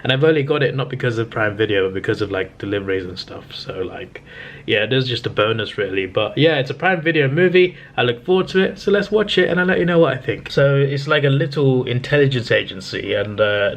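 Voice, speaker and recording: Rambling man reviewing a movie. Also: mid-range voice. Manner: rambling, with frequent fillers and restarts. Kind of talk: casual movie reaction chat.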